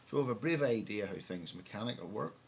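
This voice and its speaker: A Northern Irish man voicing a cheeky old rural storyteller in a raised, excited way. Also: on the low side, fast, gravelly, slight background noise. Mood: boastful yarning.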